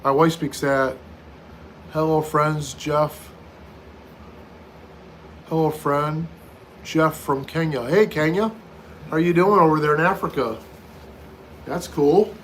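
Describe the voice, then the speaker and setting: A man's voice: a little high, takes it slowly, pauses often, a bit bright, a little hiss or hum. A middle-aged man hosting a casual livestream, reading viewer comments aloud and answering each one in turn. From United States. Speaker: livestream host.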